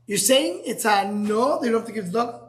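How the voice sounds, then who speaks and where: A man's voice: sits high, expressive, brisk, soft background music. Style man teaching a Talmud class. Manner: thinks aloud with many restarts, fields student questions.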